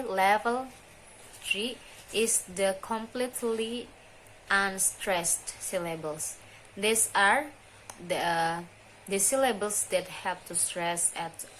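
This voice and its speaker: A young woman, a student, presenting a phonology lesson in slow, halting, deliberate speech. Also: medium pitch, fairly bright tone, a little hiss or hum, rough recording. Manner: deliberate, halting delivery with restarts and mispronounced terms. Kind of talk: slow, careful lesson reading.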